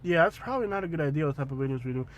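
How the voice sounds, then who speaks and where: Man, slightly high voice, teasing livestream host with loud outbursts. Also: very fast. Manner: joking, teasing, with loud excited bursts. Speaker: vlog host. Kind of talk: casual livestream chat.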